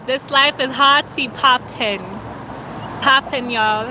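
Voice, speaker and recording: A woman influencer talking casually and boastfully on a phone livestream, with sassy remarks and quick laughs. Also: high-pitched, pushed and bright, low-quality recording. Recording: clear outdoor traffic noise.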